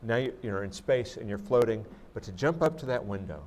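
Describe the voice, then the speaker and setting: In a museum auditorium, a man who is a guest astronaut answers audience questions reflectively, often restarting sentences and saying "you know" a lot. His voice is on the low side, darkish, animated, and a little fast, with a little hiss or hum present.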